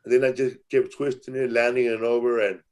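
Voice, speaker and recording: A man's voice: medium pitch, brisk. A man hosting a podcast in casual chat, telling rambling stories and stumbling over repeated words. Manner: rambling storyteller, repeats words when excited. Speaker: podcast host.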